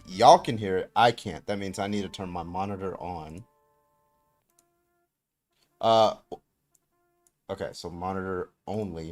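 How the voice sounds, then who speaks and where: A man hosting a livestream, chatting casually and swearing freely, with sudden loud outbursts. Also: low voice. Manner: profane, talks through tech setup with sudden loud outbursts. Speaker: livestream host. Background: faint music.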